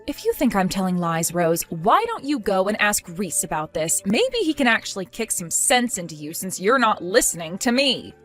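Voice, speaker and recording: A woman's voice: medium pitch, very animated, moderate pace, few pauses, a bit bright, soft background music. A woman as an exasperated young wife. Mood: defensive. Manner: pleading, indignant denials. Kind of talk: text-story drama acting.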